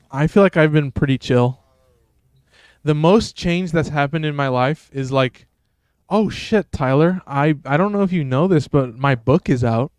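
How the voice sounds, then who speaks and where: Chill rambling dude streaming a game, slangy, clean voice, dry close sound. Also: male voice, a little high, smooth, dry recording. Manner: rambling, laid-back, slangy. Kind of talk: casual gameplay commentary.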